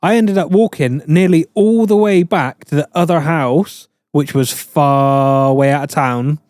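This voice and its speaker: Fairly high-voiced male co-host. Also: unhurried, darkish tone, no room sound. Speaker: podcast co-host. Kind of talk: casual chat.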